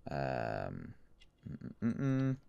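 A man playing a detective game with dry, deadpan remarks. His voice is very low and gravelly, unhurried, recorded dry and close. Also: no echo, lo-fi sound. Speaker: gaming YouTuber. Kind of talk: let's play commentary. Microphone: studio condenser mic.

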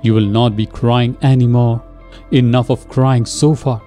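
Earnest male preacher with a mellow voice. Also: mid-range voice, little pitch movement, soft background music. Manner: slow, pleading, rhetorical questions to listeners; gentle and earnest, leads listeners in prayer. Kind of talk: devotional sermon.

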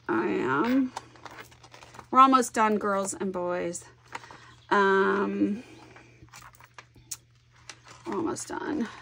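A woman's voice: medium pitch, a little hiss or hum. A middle-aged woman chatting casually while scrapbooking, rambling through a story and acting out both sides of a conversation. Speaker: scrapbooking vlogger. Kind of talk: casual chatty crafting vlog.

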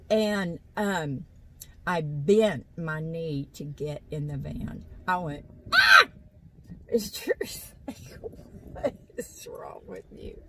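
A woman with a lowish voice chats to viewers from a parked vehicle in a parking lot, rambling through stories and laughing frequently. Recorded on a phone on a stand, the audio is low quality with a little hiss or hum.

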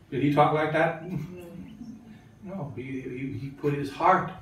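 Bishop teaching nuns; quizzes the room, repeats for emphasis; big echo, distant mic. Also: male voice, on the high side, normal speed, slight background noise. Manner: asks the listeners questions, repeats phrases for emphasis. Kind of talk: catechism talk to religious sisters. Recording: very echoey room, mic far off.

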